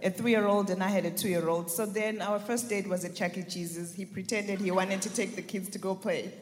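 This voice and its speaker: A woman's voice: mid-range voice, fairly even intonation, normal speed, in a large hall. A woman from Zimbabwe, an audience member answering a comedian's questions with matter-of-fact, dry humor.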